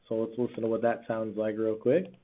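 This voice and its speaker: A man, a teacher, talking casually through a screen-recorded software tutorial with lots of fillers and restarts. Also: fairly low pitch, fairly even intonation, fairly quick. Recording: tinny, phone-like sound.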